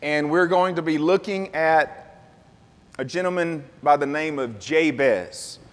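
A man preaching a sermon at an unhurried pace, his voice pitched fairly high for a man. He draws the congregation into call-and-response. The sound carries a long reverb of a large sanctuary. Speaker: pastor.

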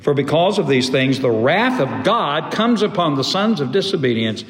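A middle-aged man preaching a sermon as a pastor, emphatic, with long pauses and sudden drops to a low voice. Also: very animated. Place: church sanctuary. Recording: echoey hall, faint room ambience.

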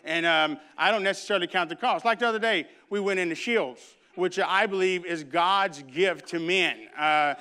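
A man preaching a sermon and reading scripture, emphatic, with loud bursts and hushed asides, and humorous conversational stories. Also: high-pitched, moderate pace, few pauses, smooth. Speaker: pastor.

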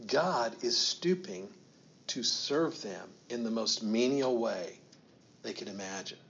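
A man preaching a sermon, telling the story in an animated way with slow, emphatic phrases and quiet asides. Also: mid-range voice, highs cut off. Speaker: pastor.

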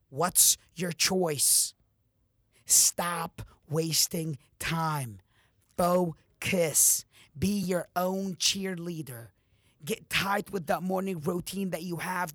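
A man's voice: on the high side, a bit bright, no echo, studio quality. A man hosting a motivational podcast, giving a blunt, profane pep talk straight to his listeners. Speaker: podcast host, motivational speaker. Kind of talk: motivational monologue.

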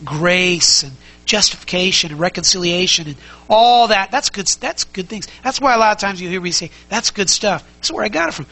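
A man's voice: sits high, animated, normal speed, hardly any pauses, pushed and bright, poor audio. A man preaching a sermon as pastor, conversational and emphatic, asking the congregation many rhetorical questions and repeating key phrases.

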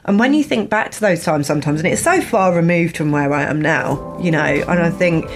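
A woman hosting a casual podcast conversation, animated and quick to laugh. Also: low-pitched, faint music behind. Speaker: podcast host.

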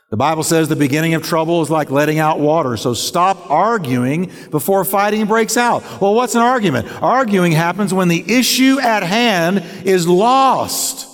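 A man's voice: high voice, expressive, moderate pace. A man preaching a sermon as pastor, emphatic and dramatic, acting out examples as he goes. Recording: long reverb of a large hall.

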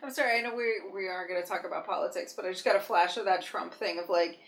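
A woman's voice: lowish voice, fast talker. A woman guest on a podcast, chatting casually and joking, often laughing. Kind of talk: casual chat.

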